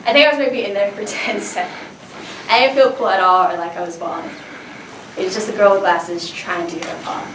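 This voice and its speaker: A woman's voice: medium pitch, fairly even intonation, fairly quick, a bit bright. Woman storyteller on stage, chatty and self-mocking; roomy, distant recording with noise underneath. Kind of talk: live comedic storytelling. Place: stage before a live audience. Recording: echoey and distant, noisy.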